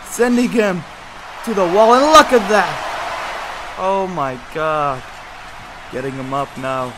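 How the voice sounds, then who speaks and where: A commentator calling a hobby wrestling match with excited play-by-play, jumping between hushed remarks and shouted exclamations and throwing in joking asides. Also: medium pitch, slow, noisy background. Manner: jokey, self-correcting asides.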